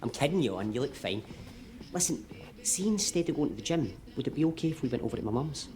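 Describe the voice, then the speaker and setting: An actor playing a teasing young adult son in a sitcom. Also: male voice, medium pitch, expressive, a little mellow, lightly acted. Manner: teasing, quick.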